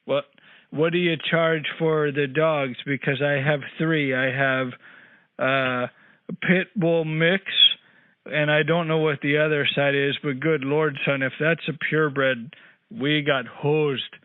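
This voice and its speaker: A man's voice: fairly high pitch, steady tone, unhurried, clear, resonant tone, no echo, natural voice. A man playing a cranky, rambling old man on a prank phone call, grumbling with crude asides. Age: older. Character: cranky rambling old man caller, married sixty years. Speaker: prank caller. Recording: tinny phone line, dry.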